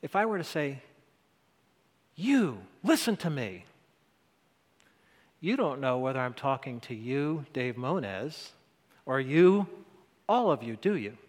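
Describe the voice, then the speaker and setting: A man's voice: mid-range voice, expressive, unhurried. A male pastor preaching a sermon in a church, earnest and conversational, building to emphatic points. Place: church sanctuary. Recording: long church hall reverb.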